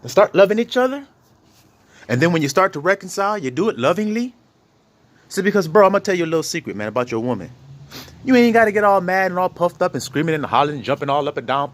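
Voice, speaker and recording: Animated, profane street preacher. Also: male voice, a little high, fast. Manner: animated, profane, acts out quoted arguments. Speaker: online preacher. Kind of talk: casual street sermon.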